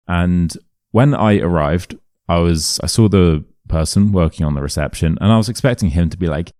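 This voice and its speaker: Recorded at studio quality with no echo, a young English teacher from England tells stories in a deep voice as he walks outdoors through city streets. His accent is modern RP British English, and in this casual walk-and-talk vlog he chats animatedly, acting out voices.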